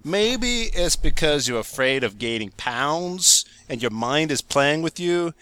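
A man co-hosting a comedy podcast, reading out an answer haltingly, with little stumbles. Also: on the high side, very animated, pushed and bright, clear, resonant tone. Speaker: podcast co-host. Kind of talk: comic reading of a written answer.

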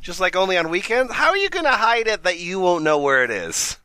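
Brief: teasing male co-host, high and very lively, bright tone. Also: brisk, clean tone, no room sound. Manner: incredulous, teasing questions. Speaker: podcast co-host. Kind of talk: comedic forum reading.

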